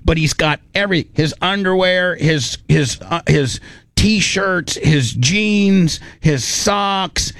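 A man's voice: high-pitched, takes it slowly, creaky, dry recording. A man casually telling a funny story, acting out the people in it and often laughing. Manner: animated, acts out voices, laughs often.

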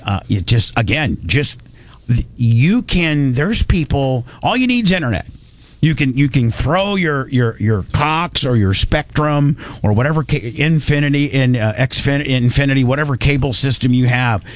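A man's voice: medium pitch, expressive, moderate pace, no room sound. A man hosting a radio talk show, rambling and joking, often correcting himself mid-sentence. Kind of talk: casual talk radio with ad reads.

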